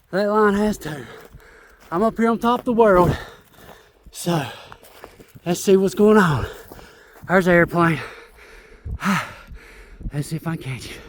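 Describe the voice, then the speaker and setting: A man's voice: high voice, slow pace, pauses often. Insistent man filming outdoors. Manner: excited, insistent, keeps pointing things out. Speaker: vlogger. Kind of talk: casual filmed commentary. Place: outdoors, walking up a hill.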